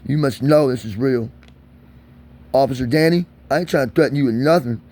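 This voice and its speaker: A man's voice: mid-range voice, fairly quick, warm tone. A man with a speech impediment, ranting angrily in a vlog. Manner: agitated, angry ranting. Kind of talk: vlog rant.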